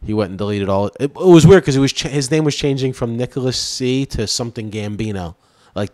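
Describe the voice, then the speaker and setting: A man's voice: medium pitch, a little fast, dark tone, dry recording, studio quality. A man who hosts a comedy podcast, telling a story in casual chat, acting out both sides of the quoted exchange, swearing casually and laughing often.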